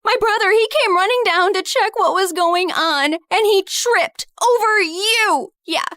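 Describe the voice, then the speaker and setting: A woman voicing a bitter, spiteful young woman who sneers and accuses in an animated story. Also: very high-pitched, unhurried, dry recording, clean studio sound, full character voice. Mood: accusing.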